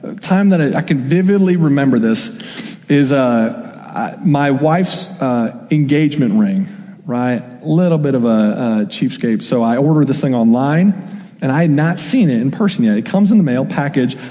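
A man's voice: medium pitch, lively intonation, normal speed, warm tone. A young man preaching a sermon in a loose, conversational way, with casual asides and asked questions. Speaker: pastor. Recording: long hall reverb.

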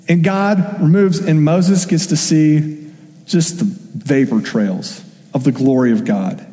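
A man's voice: a little high, slow, dark tone. A young man preaching a sermon in a loose, conversational way, with casual asides and asked questions. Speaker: pastor. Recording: long hall reverb.

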